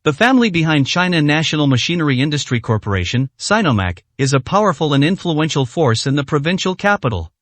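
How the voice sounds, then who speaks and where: A man narrating a story in an audiobook with expressive delivery. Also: a little high, fast talker, few pauses, dry recording. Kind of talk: scripted narration.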